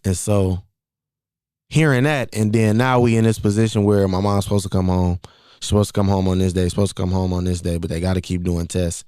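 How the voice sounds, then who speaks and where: A man's voice: sits low, flat delivery, brisk, mellow, clear, resonant tone, no echo, studio quality. A man in his twenties hosting a podcast, telling a personal story in a casual, conversational way and often repeating phrases as he goes. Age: 20s. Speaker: podcast host.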